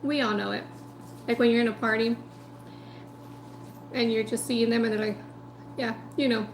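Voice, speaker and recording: A woman with a slightly high voice tells a story casually between bites of food. She talks in a chatty, animated way full of "like" and asides. The room has an echo and a faint hum. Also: normal speed. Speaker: food vlogger. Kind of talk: casual storytelling while eating.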